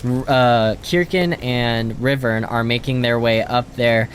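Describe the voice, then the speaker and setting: A man's voice: mid-range voice, fairly even intonation, unhurried. A young man narrating and running a tabletop game as dungeon master, casual and laughing, swearing freely. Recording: faint background noise.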